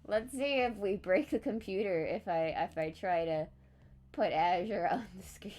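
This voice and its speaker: A tired woman streaming live, chatting casually in a rambling, low-key monotone. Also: normal speed.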